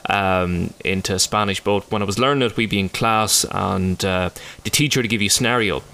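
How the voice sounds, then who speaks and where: A man's voice: fairly low pitch, fairly quick, creaky, pushed and bright. A man with an Irish Midlands accent chatting casually and telling a self-deprecating story. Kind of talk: casual chat.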